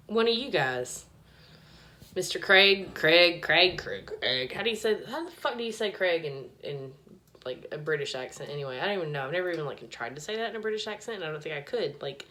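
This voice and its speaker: A vlogger rambles to her handheld phone camera in a small bathroom at home, swearing and using "like" over and over in a casual chat. She has a low voice, and there's slight background noise.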